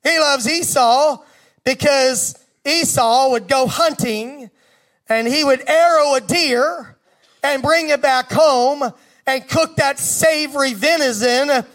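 A man's voice: extremely high pitch, slow, fairly bright tone. A man preaching a sermon, retelling a scripture story with emphatic repetition and asides to the congregation.

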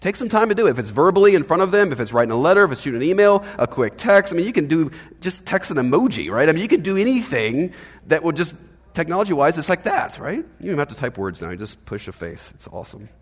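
A man preaching a sermon as pastor, conversational and animated, often checking in with "right?". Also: fairly high pitch, fast talker, husky, big-room sound. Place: church hall.

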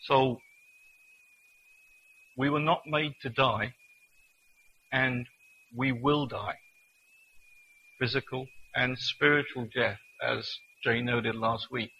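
A man preaching a sermon in an earnest manner, reading scripture slowly and deliberately. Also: medium pitch, steady tone, bright, forceful tone, highs cut off, a little hiss or hum.

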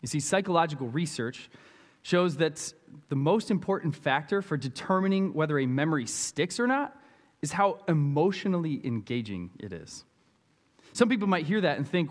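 A man's voice: a little high, very animated, moderate pace, big-room sound. A man preaching a sermon in an earnest, conversational way, asking his listeners direct questions. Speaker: pastor and youth basketball coach.

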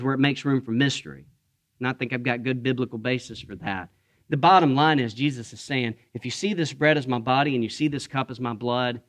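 A male pastor with a slightly higher-than-average voice delivers a sermon in a church, talking with his congregation rather than at them. He keeps throwing questions to the listeners and slips in jokes along the way. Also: fairly bright tone. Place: church sanctuary.

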